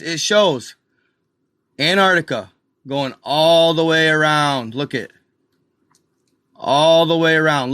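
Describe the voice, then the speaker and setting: A man hosts a live stream from a computer at home, talking slowly and loosely over a map and calling his viewers y'all. His voice is bright and sits a little high. The sound is dry and close, with the mic near him and almost no room around it. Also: dry recording. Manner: slow, rambling, addresses viewers as y'all; exasperated asides, mutters to himself. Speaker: channel host.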